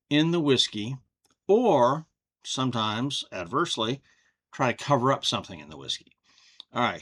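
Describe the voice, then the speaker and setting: A man from Texas casually reviewing a whiskey cocktail at home, folksy and unhurried, thinking aloud. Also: medium pitch, a bit bright.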